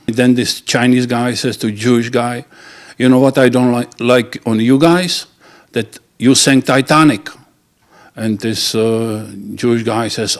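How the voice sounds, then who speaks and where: A man telling jokes casually in a halting way, with many fillers and grammar. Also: mid-range voice, fairly even intonation. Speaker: joke teller.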